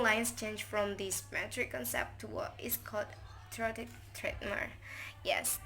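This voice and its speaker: A woman's voice: medium pitch, fairly bright tone. A young woman student presenting a poem analysis for an assignment, talking hesitantly with many fillers and restarts, her first language Indonesian. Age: young adult. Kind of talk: informal recorded poem analysis. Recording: faint background noise.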